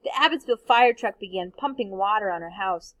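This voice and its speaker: A woman, a teacher, reading a novel aloud in a steady, expressive way. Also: medium pitch, a little fast, no echo, low-quality recording.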